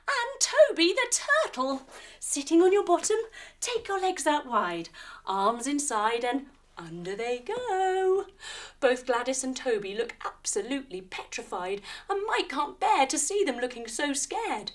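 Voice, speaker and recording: A woman teacher telling a children's story while leading a yoga lesson, animated and using sound effects. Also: high-pitched, measured pace.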